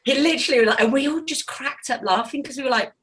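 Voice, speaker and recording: A woman chatting casually about her autistic son, telling animated stories and laughing often. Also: high-pitched, quick pace. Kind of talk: casual group chat.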